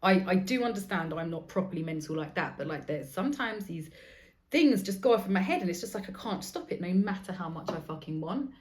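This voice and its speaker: In her forties, this woman hosts a candid solo podcast where she tells stories bluntly and with real emotion, swearing plenty. Her voice is lowish and expressive, and she keeps a brisk pace.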